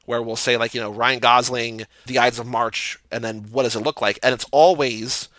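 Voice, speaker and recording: A man hosts a casual podcast chat in a bright, forward voice at a middling pitch. He talks in an animated way, restarts his sentences quickly and laughs easily. The sound is dry and close. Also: dry recording, low-quality recording. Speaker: podcast host.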